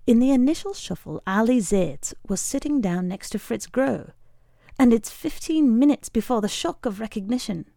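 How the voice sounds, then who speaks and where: A woman reading a short story aloud in a wry, measured way. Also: on the high side, lively intonation, vocal fry, dark tone, dry recording, clean studio sound. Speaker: reader.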